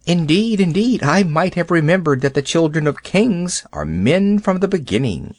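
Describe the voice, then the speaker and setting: A man voicing a sly, fawning male jackal who wheedles and flatters spitefully, in a storybook reading. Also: on the high side, moderate pace, dry recording, pitched above the performer's own voice. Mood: flattering. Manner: wheedling, sing-song, mischievous.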